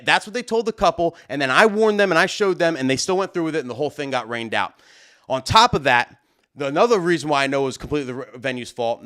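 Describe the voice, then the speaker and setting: Brief: young male live-stream host, fairly high voice, loud and animated storyteller who plays every part. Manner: loud, animated, acts out both sides of the argument.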